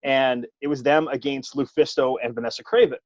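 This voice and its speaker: On a casual podcast, a male wrestling referee cracks jokes at his own expense while animatedly telling a funny story. He speaks at medium pitch and fairly quickly. The audio is dull and lo-fi, dry with no room sound.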